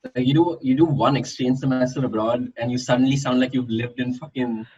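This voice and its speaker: A young man from Bangalore, chatting in an animated, profane way. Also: mid-range voice, a little fast, slightly rough. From Bangalore, India. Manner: animated, profane, laughs often. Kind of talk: casual chat. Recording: dull lo-fi sound.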